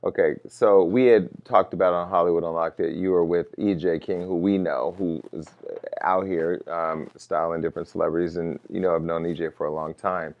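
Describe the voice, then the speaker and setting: A man's voice: deep voice, fairly even intonation, normal speed. A male interview host who asks direct, probing questions. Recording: dull lo-fi sound.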